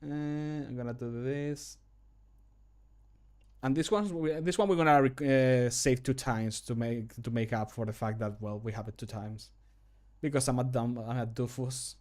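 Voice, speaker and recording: A man's voice: medium pitch, moderate pace, a little mellow. A young man whose first language is Spanish, chatting casually on a live stream while recording voice lines at home; he rambles, mocks himself and laughs often. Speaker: streamer and voice actor.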